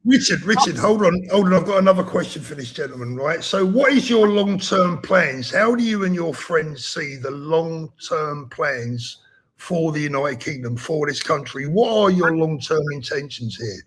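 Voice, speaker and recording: A man's voice: on the high side, expressive, moderate pace, breathy edge. A man hosting a live stream debate, who cuts in often and keeps calling people mate. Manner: interrupting, calls people mate.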